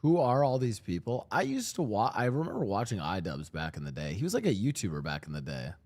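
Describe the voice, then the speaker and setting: A man's voice: on the low side, brisk. A young man streaming, reacting to news clips, swearing and talking to his chat. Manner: swearing, animated, talks to chat. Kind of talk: live-stream reaction commentary. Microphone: desk streaming mic.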